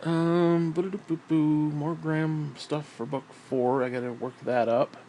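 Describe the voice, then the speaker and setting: A man thinks out loud in a loose, rambling way, cursing often and circling back on himself. His voice sits a little higher than most men's, with a faint hum of noise behind it. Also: flat delivery, slow. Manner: profane, meandering, frequent fillers. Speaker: writer talking about his books. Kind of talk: casual rambling monologue.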